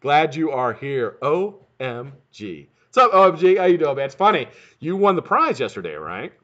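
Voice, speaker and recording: A man hosts his own live stream, talking quickly and cussing freely as he greets viewers by name. His pitch bounces all over, and the sound is dull and lo-fi. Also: very animated, a bit bright. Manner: fast-talking, profane, greets chat by name. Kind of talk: casual live-stream chat.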